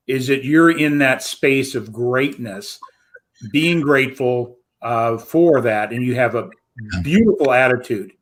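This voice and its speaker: A man hosting a show over a video call, speaking in a measured, affirming way. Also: medium pitch. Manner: measured, affirming, praising guest. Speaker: show host. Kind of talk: interview chat.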